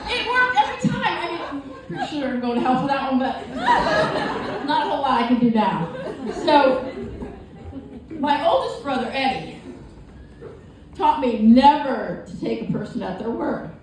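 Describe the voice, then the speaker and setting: A woman doing a stand-up comedy set, telling stories with animated voiced asides. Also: high voice, background noise. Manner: animated storytelling with voiced asides and crowd laughter. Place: comedy club stage. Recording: echoey live venue from far off, audience laughter. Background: audience laughing.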